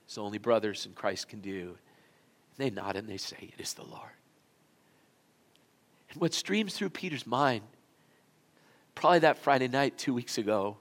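A male pastor preaches a sermon in an auditorium, telling the story in a folksy, conversational style that swings between loud and quiet. His voice is on the low side.

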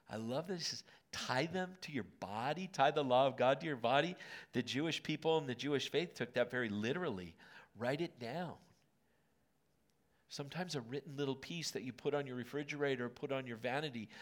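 A man in his late fifties preaching a sermon in a conversational way, with asides to the congregation and a soft, gentle tone on key words. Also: mid-range voice. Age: 50s. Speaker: pastor. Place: auditorium.

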